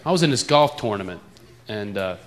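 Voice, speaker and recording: A man's voice: lowish voice, expressive, a little fast. A man with an East Coast American accent doing a playful stand-up routine in a comedy club, teasing the audience. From eastern United States. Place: comedy club in front of a loud crowd. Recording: live club recording with loud crowd noise.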